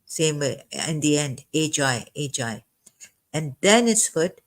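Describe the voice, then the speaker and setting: Taking a scripture verse one word at a time, this religious commentator talks slowly in an expressive mid-range voice, dwelling on individual terms and returning to them. His speech stops and restarts frequently with repeated words, and a recurring cough interrupts.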